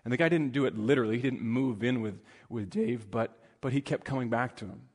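Conversational preacher in a reverberant hall. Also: male voice, mid-range voice, fairly quick, a little mellow, husky. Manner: conversational, frequent fillers and restarts. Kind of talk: sermon with personal storytelling.

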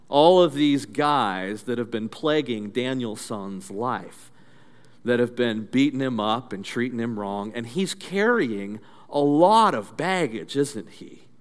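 A male pastor giving an interactive sermon through animated storytelling, leading the audience in call-and-response drills. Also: mid-range voice. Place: church. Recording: long church reverb.

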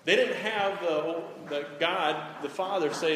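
A man's voice: fairly high pitch, measured pace, fairly bright tone. A man preaching a sermon, talking directly to the congregation and often checking in with "right?". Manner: frequent "right?" tag questions to the congregation. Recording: echoey hall, some background noise.

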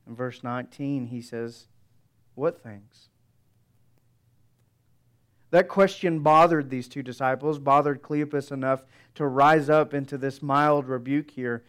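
Smooth-voiced, reflective male preacher. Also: mid-range voice, steady tone. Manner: reflective, measured, with rhetorical questions. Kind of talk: expository sermon.

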